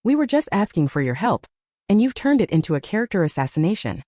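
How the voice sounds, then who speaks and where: A woman's voice: mid-range voice, very animated, fast, dark tone, no echo, studio quality. A woman voicing an entitled, pushy mother who speaks harshly with a hardening tone. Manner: hissing, hardening.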